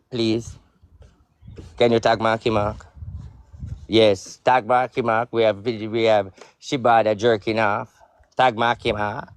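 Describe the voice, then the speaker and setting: A man's voice: fairly low pitch, smooth, no echo. A man with a Jamaican accent in a profane, heated live video rant in heavy patois. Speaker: social media personality.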